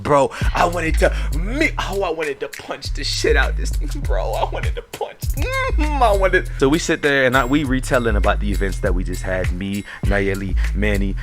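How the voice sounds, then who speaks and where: A young man telling a wild party story in slangy, excitable story-time style, acting out the quoted lines. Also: mid-range voice.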